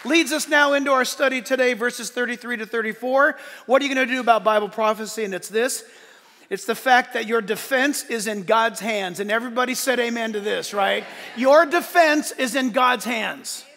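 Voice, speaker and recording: A man as pastor delivering a sermon, animated and emphatic, swinging between shouts and soft asides. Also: very high-pitched, normal speed. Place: church sanctuary. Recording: large hall with long reverb.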